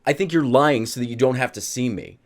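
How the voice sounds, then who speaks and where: A man's voice: medium pitch, animated, a little fast, natural voice. A man voicing his bossy young girlfriend, scolding and accusing him.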